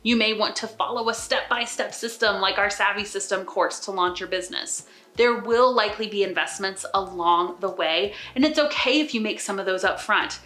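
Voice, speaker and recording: A woman's voice: mid-range voice, normal speed, sharp tone, roomy sound. A woman hosting her own channel, giving enthusiastic and direct business advice straight to the camera. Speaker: channel host, business coach. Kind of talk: upbeat to-camera advice video.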